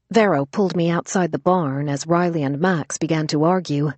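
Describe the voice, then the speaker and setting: A woman narrating an audiobook thriller in a brisk, lively storytelling manner. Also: sits low, dry recording.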